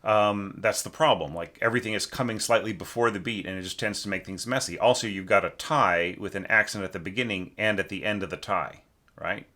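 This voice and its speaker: An orchestration teacher gives a casual spoken critique of a student's score, his voice on the low side, brisk, pushed and bright. He thinks aloud with frequent restarts and tag questions, sometimes singing rhythms to demonstrate a point.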